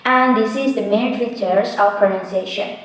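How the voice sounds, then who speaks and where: A woman's voice: mid-range voice, normal speed, soft background music. Young Indonesian woman reading a list, echoey. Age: young adult. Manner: reads names and lists in a steady rhythm. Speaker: student presenter. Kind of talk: reading a class presentation. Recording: strong echo.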